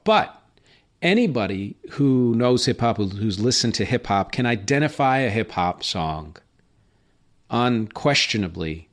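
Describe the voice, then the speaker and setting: Chatty man rambling through a podcast. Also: on the low side. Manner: chatty and rambling, with frequent "uh" fillers and self-corrections. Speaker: podcast host. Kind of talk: casual solo podcast monologue.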